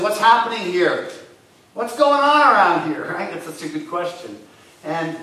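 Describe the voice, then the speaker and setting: Echoey preacher in a big hall. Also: male voice, sits high. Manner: earnest, rises loud when retelling scripture scenes. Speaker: pastor. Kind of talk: sermon. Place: church sanctuary. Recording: echoey church hall from far off.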